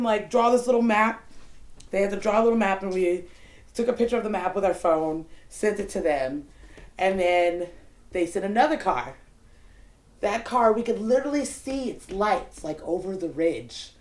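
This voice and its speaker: In a room with noticeable echo, a woman recounts a personal anecdote off the cuff at medium pitch. Her speech is lively and informal, packed with "like" and the odd curse.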